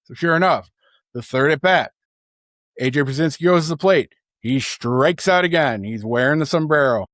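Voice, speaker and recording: A man from the Chicago area, co-hosting a sports podcast and telling anecdotes in a casual, animated way with lots of fillers. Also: a little high, moderate pace, dry recording, clean studio sound. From Chicago area, USA. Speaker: podcast co-host. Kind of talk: casual chat, storytelling.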